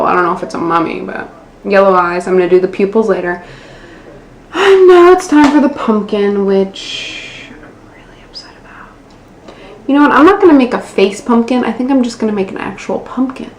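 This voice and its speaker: Self-mocking American woman with a gravelly voice. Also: mid-range voice. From United States. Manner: self-deprecating, swears casually. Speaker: nail art tutorial host. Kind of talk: casual how-to narration. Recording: echoey room, faint background noise.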